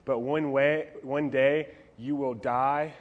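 A man voicing a calm, forgiving teacher. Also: medium pitch, slow, in a large hall, narrow, tinny audio, close to an everyday voice. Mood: earnest. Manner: earnest, reassuring.

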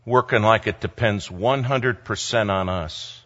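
A man voicing an older male pastor who is confident, excitable and full of faith, using a folksy way of talking. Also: on the low side, measured pace, pitched below the performer's own voice. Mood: steady. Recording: dull sound, long hall reverb.

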